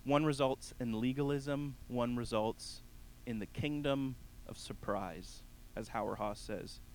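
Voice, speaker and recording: A man preaching a sermon, addressing the congregation directly, rising to emphatic peaks and then dropping to a soft, quiet close. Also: mid-range voice, takes it slowly, slight background noise, poor audio. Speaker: pastor.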